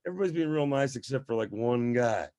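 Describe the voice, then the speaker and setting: A man in his sixties, a musician guest, telling stories in casual, profane, animated chat. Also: medium pitch, fast talker, a crowd in the background. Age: 60s. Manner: profane, animated storytelling with voiced asides.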